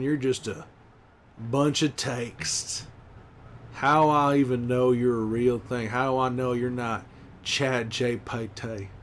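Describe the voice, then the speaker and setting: Gruff, wry middle-aged survivor, a man in character, teasing chat with slow, easy cursing. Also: mid-range voice, slight background noise, natural voice. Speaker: streamer in character. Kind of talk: in-character livestream banter.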